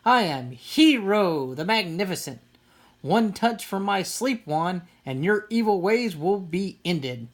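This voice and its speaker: A high, squeaky little girl bear cub from a storybook, excitable and quick to take fright, as a woman reader puts her on. She wails and rises sharply in pitch when scared. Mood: playful.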